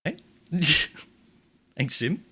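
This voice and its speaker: Bright, lively male streamer. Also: a little high, drawn-out words, husky. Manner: reads out chat quotes and reacts with dry asides and laughs. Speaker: streamer hosting a chat-quote countdown. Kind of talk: casual live-stream commentary.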